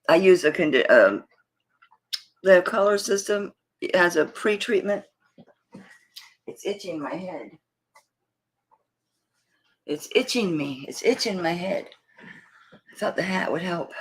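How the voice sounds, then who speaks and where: Breathless, slow-talking low-voiced woman. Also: breathy edge. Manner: chatty, flustered, rambling. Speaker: host of live jewelry auction stream. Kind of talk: casual live-stream chat.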